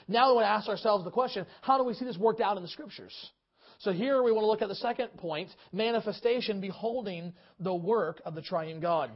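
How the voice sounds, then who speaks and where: A man preaching a sermon as pastor, earnest and stopping often on fillers and restarts. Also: high-pitched. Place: church service. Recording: dull lo-fi sermon recording.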